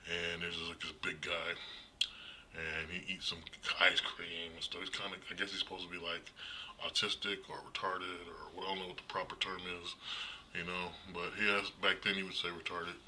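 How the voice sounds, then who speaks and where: A man giving a casual, rambling horror movie review, blunt and quick to laugh, with plenty of fillers. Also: low-pitched, little pitch movement, sharp tone, slight background noise, low-quality recording.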